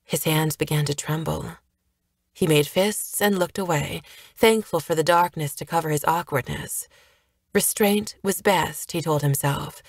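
Low-voiced woman reading a novel. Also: no room sound, studio quality. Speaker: audiobook narrator. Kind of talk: scripted narration.

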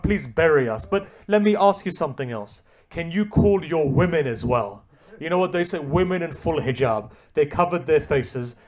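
A man's voice: fairly high pitch, darkish tone. A man delivering a Muharram sermon, retelling a story with rising and falling emotional intensity. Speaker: religious speaker.

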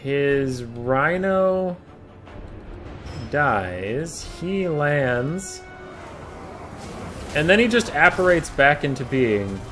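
Brief: male game commentator, bright voice, relaxed and rambling tone, faint background music. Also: fairly high pitch, very slow, long pauses. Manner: rambling, amused, easygoing.

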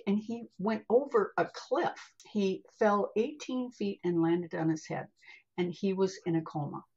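An older American woman guest telling personal stories in an interview, chatty and animated, calling the listener honey. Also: medium pitch, slightly rough. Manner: animated, vivid retelling with acted asides. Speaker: podcast guest, spiritual healer. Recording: dull lo-fi sound.

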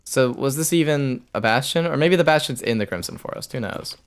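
A man's voice: medium pitch, animated, fairly quick, smooth. A young man streaming a game, muttering a loose running commentary to himself as he plays. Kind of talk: live gameplay commentary.

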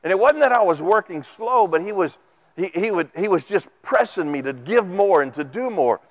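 A man preaching a folksy, animated sermon into a microphone in a church. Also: high-pitched, normal speed. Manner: animated, folksy, acts out quotes. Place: church sanctuary.

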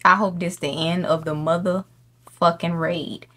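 A woman streamer giving loud, profane, excitable commentary while playing a game, shrieking when something startles her. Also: lowish voice, unhurried. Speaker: gaming streamer. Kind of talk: let's play commentary.

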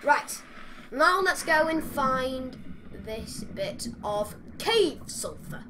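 A woman's voice: sits high, very animated, extremely slow, noisy background. A woman commenting as she plays a game, chatty and exasperated, talking to the creatures on screen. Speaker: gamer. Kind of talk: playing commentary.

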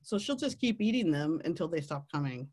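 A woman telling a playful nature story to families, animated and laughing often. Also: low-pitched, fairly quick, slightly rough.

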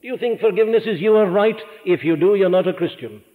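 An older Welsh preacher delivers an earnest sermon that swells into fervent emphasis and sinks to hushed lows. His voice sits fairly high. It comes through a thin, tinny archival recording with a long reverb trailing behind him in a large hall. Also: quick pace. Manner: earnest, rising to fervent emphasis then dropping low.

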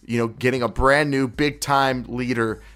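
A man's voice: medium pitch, steady tone, normal speed, a bit bright. A man hosting a wrestling podcast, chatting casually in a rambling way, with restarts and laughing asides. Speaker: podcast host. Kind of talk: casual chat.

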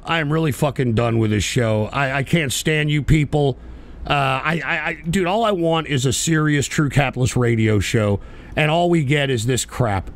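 A man hosting a livestream, ranting in a profane, exasperated way and stumbling over restarts. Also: on the high side. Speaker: livestream host. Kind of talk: angry livestream rant.

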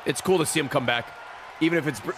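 Male streamer, high voice, hyped, swearing play-by-play, background noise. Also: fast talker, crowd noise. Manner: excitable, swearing play-by-play with bursts of laughter. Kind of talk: live-stream gameplay commentary.

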